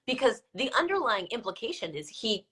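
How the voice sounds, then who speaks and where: A woman's voice: on the high side, very animated, brisk, a bit bright, breathy edge. A woman co-hosting a casual live-stream discussion, speaking emphatically and repeating words for stress. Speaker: co-host.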